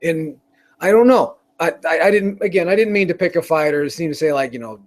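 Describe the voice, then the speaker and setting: Brief: male show host, higher-pitched voice, loose profane rambling rant delivery. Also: brisk. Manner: profane, rambling, with frequent restarts. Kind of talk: casual rant on a live stream.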